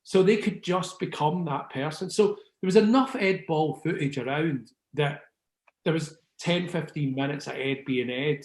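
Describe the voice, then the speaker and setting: A Scottish record label founder in his sixties chats casually in an interview, rambling, swearing, and forever asking "do you know what I mean." His voice is on the high side and darkish in tone, unhurried, in a roomy-sounding space.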